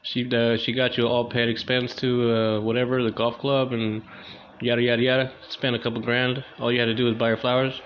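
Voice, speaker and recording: A man's voice: medium pitch, little pitch movement, fairly quick, slight background noise. A young man doing a loose, crude, slangy stand-up comedy monologue, in a dull lo-fi recording.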